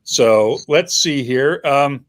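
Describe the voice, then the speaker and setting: A man's voice: mid-range voice, takes it slowly. A man hosting a casual webcast chat over a video call, joking and reading out viewer comments. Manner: chatty, joking, reads viewer comments aloud. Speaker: host.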